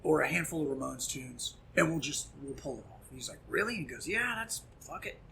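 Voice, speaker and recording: A middle-aged man, a punk musician guest, telling a story in casual chat, animated and profane, acting out quoted dialogue. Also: on the high side, a little fast, vocal fry, slight background noise.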